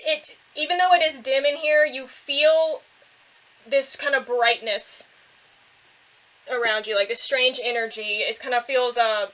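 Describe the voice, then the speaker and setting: Bright-voiced woman game master. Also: sits high, rough recording. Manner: hesitant, many fillers and restarts. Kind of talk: narrating a tabletop game.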